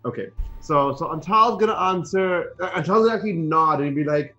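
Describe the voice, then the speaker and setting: A man playing in a tabletop game, describing his character's moves in a halting way, often restarting. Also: a little high, pushed and bright, dull audio, soft background music. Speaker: player. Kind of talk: tabletop role-play chat.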